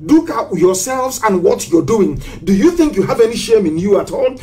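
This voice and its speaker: Impassioned man, high voice. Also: sing-song, normal speed, hardly any pauses, a little mellow. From southeastern Nigeria. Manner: impassioned and preachy, hammering rhetorical questions and repetitions. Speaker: political activist broadcaster. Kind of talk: live broadcast speech.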